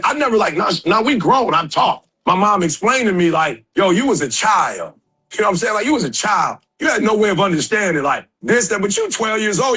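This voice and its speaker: A man with a high, husky voice delivers a motivational speech to a live audience. He talks casually and uses slang. He builds to emphatic, shouted calls to action. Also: poor audio. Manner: emphatic and conversational, with slang and rising shouted exhortations. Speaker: motivational speaker.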